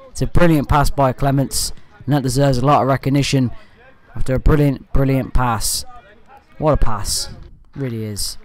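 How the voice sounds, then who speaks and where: Male fan commentator, mid-pitched, loose amateur match voice-over, keeps moving on with "anyway". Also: a little fast. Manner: rambling, leans on "anyway" and "uh" to move on; partisan, with excited bursts at good play.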